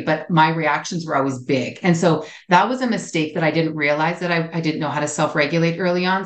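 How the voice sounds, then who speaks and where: Low-voiced woman in a roomy echo. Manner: expressive storyteller, many restarts. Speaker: podcast co-host, relationship psychologist. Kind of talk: casual podcast chat.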